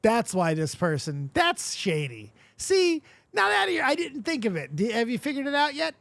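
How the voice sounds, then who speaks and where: High, lively man hosting a live stream. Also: moderate pace, creaky, no echo. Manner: animated, swearing, reads chat aloud. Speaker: livestream host. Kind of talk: casual live-stream chat.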